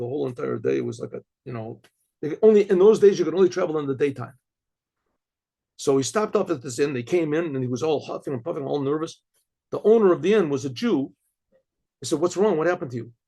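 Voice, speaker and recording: A man's voice: fairly high pitch, gravelly, a little mellow, husky. A man, a rabbi, telling a story in a loose spoken way, often stumbling and repeating words as he searches for them. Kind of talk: casual oral storytelling.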